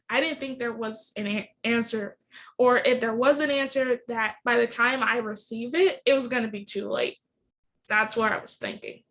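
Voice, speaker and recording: High-voiced woman telling a personal story. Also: fairly bright tone. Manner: earnest, emotional, candid, with many restarts. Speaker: podcast host.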